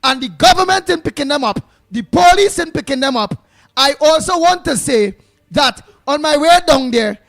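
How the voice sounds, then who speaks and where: A man with a Trinidadian accent acting out a loud, blustering man who shouts complaints about guarding the borders. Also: extremely high pitch, expressive, normal speed, vocal fry, exaggerated voice. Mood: ranting.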